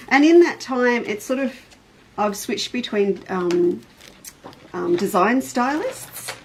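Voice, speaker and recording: A woman's voice: on the high side, lively intonation, takes it slowly, low-quality recording. A middle-aged woman, hosting a casual show-and-tell chat as a fabric designer. She tells a rambling story in an easy, talkative way.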